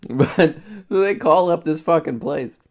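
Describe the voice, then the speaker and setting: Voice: mid-range voice, unhurried, darkish tone. A podcast co-host in slap-happy comedic banter, laughing often.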